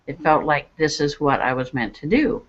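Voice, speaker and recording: A woman's voice: sits low, normal speed. A middle-aged woman, a psychic medium, telling her personal story as an interview guest and acting out the voices of people in it. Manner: animated, acts out voices in her stories. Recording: dull lo-fi radio audio.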